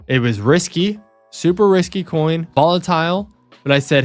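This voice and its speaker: A young man walking through trading charts on screen, excitable and self-mocking, repeating himself as he talks. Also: medium pitch, moderate pace, faint music behind. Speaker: trading video host. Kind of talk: screen-share chart walkthrough.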